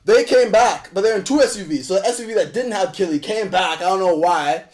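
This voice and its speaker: A young man telling a wild story as a podcast guest, animated and profane, acting out what people said. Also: sits high, fairly quick. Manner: animated, profane, acts out quotes. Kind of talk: casual storytelling.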